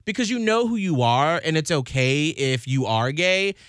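Animated, teasing man in his thirties. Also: on the high side, moderate pace, smooth, dry recording, clean studio sound. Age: 30s. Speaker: podcast host. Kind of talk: casual podcast chat.

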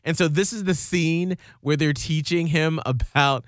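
Animated, emphatic male radio co-host. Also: a little high, unhurried, no room sound, clean studio sound. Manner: animated, emphatic, jumps into quoted voices. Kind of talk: casual chat.

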